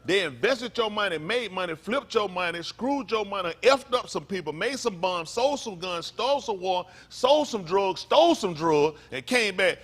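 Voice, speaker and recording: Male pastor, high and very animated, slangy and combative, fond of rhetorical questions. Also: normal speed, hardly any pauses. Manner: fiery, slangy, fires rhetorical questions at the room; swings between low mutters and high bursts. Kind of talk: preaching sermon to a congregation. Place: congregation meeting room.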